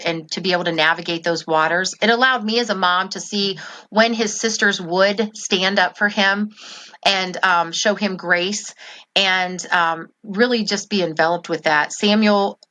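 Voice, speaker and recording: A woman's voice: on the low side, sharp tone. A middle-aged woman telling her story as an interview guest, earnest and heartfelt, with frequent ums. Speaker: guest, parent advocate.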